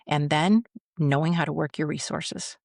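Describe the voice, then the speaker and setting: A middle-aged woman with a gravelly, rather flat voice tells anecdotes from her police days. She talks in a conversational, storytelling way and acts out the people in her stories. The sound is dry and close. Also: sits low, normal speed, no room sound. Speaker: guest, retired police commander.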